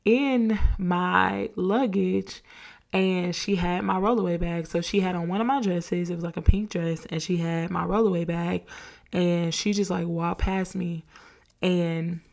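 A woman hosting a podcast, casually retelling a dream with lots of "like" fillers and animated quoted dialogue. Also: fairly low pitch, a little slow, creaky. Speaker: podcast host. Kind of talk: casual storytelling.

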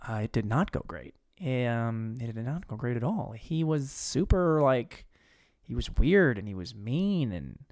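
A man voicing a young woman who recounts a bad date, hesitant and quiet. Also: medium pitch, very animated, measured pace, voice pushed down. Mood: upset.

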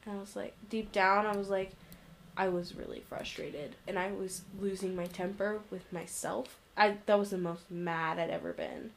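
A woman's voice: medium pitch, steady tone, moderate pace, creaky, a little hiss or hum. A teenage girl in casual chat, telling school stories in an earnest way.

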